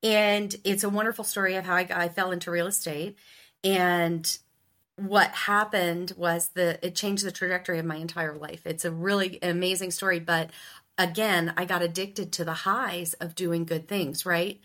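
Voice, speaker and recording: Middle-aged woman from Ohio, sales coach guest, crisp and bright, acts out the people in her stories. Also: lowish voice, normal speed. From Ohio, US Midwest. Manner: animated storyteller who acts out quoted dialogue. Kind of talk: casual interview storytelling.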